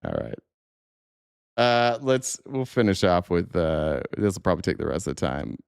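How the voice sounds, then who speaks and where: Male stream host, low clear voice, dry close sound, casual profane rambler. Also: big pitch swings, moderate pace, dry recording. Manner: profane, laughing, rambling with many fillers. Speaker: livestream host. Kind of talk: casual reaction commentary.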